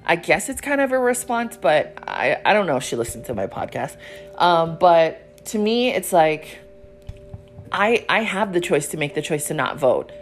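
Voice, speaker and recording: A woman's voice: on the low side, big pitch swings, normal speed, faint music behind. A woman hosting her own podcast, telling a story in a blunt, profane, casual monologue from home. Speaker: podcast host.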